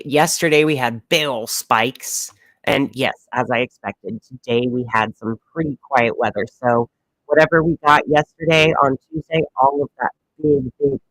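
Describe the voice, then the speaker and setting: A man's voice: medium pitch, fairly bright tone, dry recording, low-quality recording. A man hosting a comedic weather livestream, chatting casually and rambling with lots of fillers and jokes. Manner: rambling, joking, many fillers.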